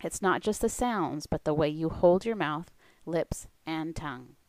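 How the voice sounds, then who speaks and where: A woman who coaches language learners, giving a scripted presentation in a clear, steady way. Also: sits low, unhurried, no room sound, poor audio. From United States.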